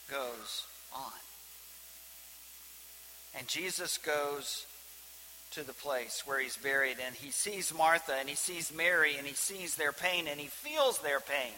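Male pastor preaching, bright sharp voice, dramatic loud-to-hushed delivery, long church reverb. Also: a little high, a little slow. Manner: dramatic swings from loud emphasis to hushed near-whispers. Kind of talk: sermon. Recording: reverberant hall with faint hiss.

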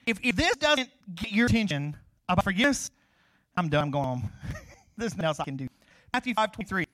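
A middle-aged male pastor preaching a sermon, jumping from loud scripture reading to quiet asides and acting out both sides of conversations. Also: fairly high pitch, expressive, fast, no echo, rough recording.

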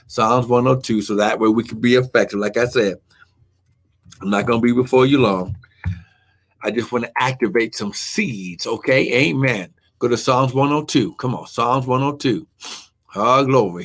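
A man preaching a live-streamed sermon, fervent and full of "amen" and "glory" exclamations, who talks to viewers while looking up his verses. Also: mid-range voice.

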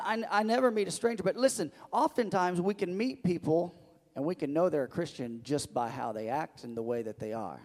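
A man preaching a sermon as pastor, telling stories in an animated, restarting way. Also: on the high side. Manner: animated storytelling with many restarts. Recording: long church hall reverb.

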